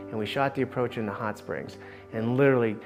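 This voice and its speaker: A man's voice: mid-range voice, fairly even intonation, fast talker, over music. A man, a fellow pilot, vividly recalling a cloudy approach in a casual interview.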